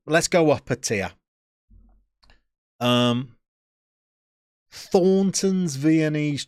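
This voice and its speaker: A man streaming and bantering with his chat in a lively, bouncing voice. He sounds jokey and opinionated, and the sound is dry and close, with no room in it. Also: medium pitch, no echo. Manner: chatty, joking, opinionated banter. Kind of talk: casual chat answering live chat.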